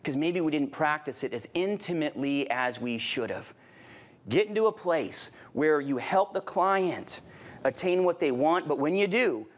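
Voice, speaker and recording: A middle-aged man giving a live sales training talk, punchy and animated, with repeated phrases, rhetorical questions and sudden loud exclamations as he acts out little scenes. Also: fairly high pitch.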